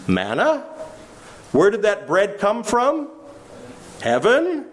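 A man's voice: high voice, wildly swooping pitch, takes it slowly, slight background noise. A man preaching a sermon, teaching with questions that he then answers himself. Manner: teaching, asks the listeners questions and answers them.

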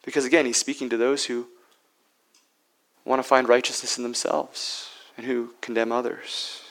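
A man preaching a sermon as pastor, swinging between loud emphatic peaks and hushed, near-whispered lines. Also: medium pitch, little pitch movement, normal speed, rough recording.

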